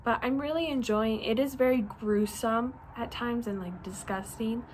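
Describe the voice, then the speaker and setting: A young woman with a fairly high voice chats about her reading in a bubbly, rambling way, stringing thoughts together with lots of "like". She sounds sleepy and yawns between thoughts. A faint room hiss sits under her voice. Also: moderate pace, a little mellow. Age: young adult. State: sleepy, yawning. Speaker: reading vlogger. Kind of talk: casual chat.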